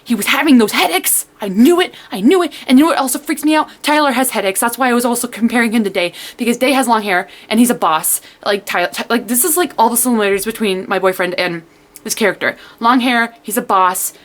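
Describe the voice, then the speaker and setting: A young woman reviewing a book in a casual vlog, excitable and rambling, full of "like" and acting out her own reactions. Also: a little high, fast.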